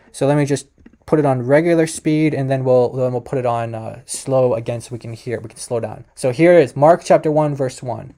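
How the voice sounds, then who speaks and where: This language-explaining video host has a mellow, medium-pitched voice. He speaks directly to viewers in a casual manner, often using fillers and restarting his sentences.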